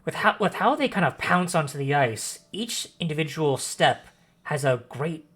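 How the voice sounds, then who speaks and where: A man narrating a tabletop game as game master, expressive and pausing often to correct himself. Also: a little high, husky. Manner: expressive narration with frequent self-corrections and fillers.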